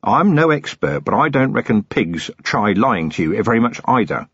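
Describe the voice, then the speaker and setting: A man's voice: mid-range voice, big pitch swings, normal speed, fairly bright tone, husky, no room sound, full character voice. Vimes, a man doing a dry veteran police commander. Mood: wry. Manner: dry, plain-spoken, wry. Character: gruff seasoned city police commander, dry and wry. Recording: dull lo-fi audiobook recording.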